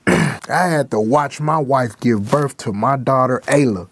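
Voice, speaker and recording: A man's voice: mid-range voice, takes it slowly, no echo. A young man, a rapper guest, talking candidly and emotionally in slang-heavy speech. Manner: raw, emotional, slangy with constant "bro". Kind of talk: candid interview talk.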